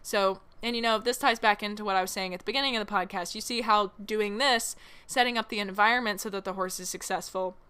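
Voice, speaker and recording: A woman's voice: medium pitch, pushed and bright, clean tone. A woman hosting a solo podcast, teaching horse training in a chatty way, laughing often and making self-mocking asides.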